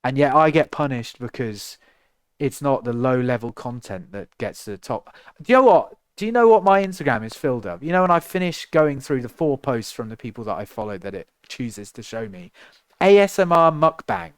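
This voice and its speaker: A young English man, a musician on a livestream, ranting to his chat in an exasperated, animated way with lots of rhetorical questions. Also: medium pitch, a little fast, clean tone, no room sound, clean studio sound. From England. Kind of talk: casual rant to stream chat.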